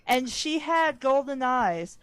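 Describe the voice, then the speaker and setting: A woman's voice: high voice, lively intonation, slow, fairly bright tone, smooth, dry recording. A woman reading fanfiction aloud on a casual podcast, stumbling over names and breaking off for sarcastic remarks.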